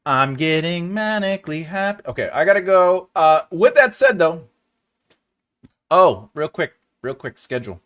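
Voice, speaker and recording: A man's voice: fairly high pitch, very animated, moderate pace, fairly bright tone. A man hosting a writing livestream, chatting casually, laughing often and acting out silly voices when retelling scenes. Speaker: writing channel host.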